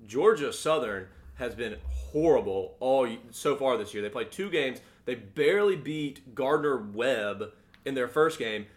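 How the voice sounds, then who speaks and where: Man, podcast co-host, casual sports talk, blunt and sure of himself. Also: medium pitch. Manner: blunt, confident picks. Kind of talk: casual sports betting chat.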